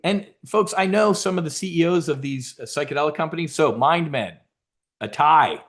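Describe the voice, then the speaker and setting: A middle-aged man hosting a trading show, giving blunt, emphatic market commentary and a sales pitch, swearing freely and asking and answering his own questions. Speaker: host of a stock options trading show.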